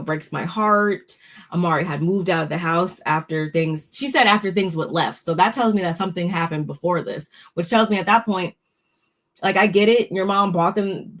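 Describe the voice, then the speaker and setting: A woman giving a casual, opinionated recap of a reality show, talking freely with frequent restarts. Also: mid-range voice. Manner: chatty, opinionated, restarts often. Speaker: recap host.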